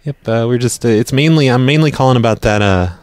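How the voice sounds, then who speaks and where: A man hosting a live radio show and making prank phone calls, speaking deadpan and often stumbling over his words. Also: medium pitch, fast talker, no echo. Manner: deadpan, stammers and repeats words. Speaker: prank-call radio host.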